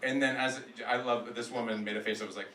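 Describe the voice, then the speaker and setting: A man's voice: medium pitch, steady tone, fast. Self-mocking man roasting on a club stage. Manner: loose, self-mocking, laughing at his own bits. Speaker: comedian roasting in character. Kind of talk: live stand-up roast. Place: comedy club stage with audience. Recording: echoey club, from far off, noisy.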